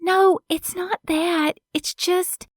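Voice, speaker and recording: A woman doing a high, hesitant anxious cousin. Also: fairly even intonation, takes it slowly, no room sound, clean studio sound. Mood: pleading. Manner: hesitant and pleading, raised higher. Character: anxious, apologetic young woman, the heroine's cousin.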